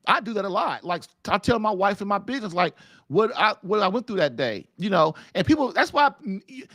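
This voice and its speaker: A man with a high, gravelly voice talks listeners through marriage advice. He leaps up and down in pitch as he coaches, and his folksy, emphatic delivery loops back on itself with lots of "like". The recording is dry and close. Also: sharp tone, no room sound. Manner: emphatic, folksy coaching, repeats himself and says "like" often. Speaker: host of a call-in marriage advice show. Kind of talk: animated advice monologue.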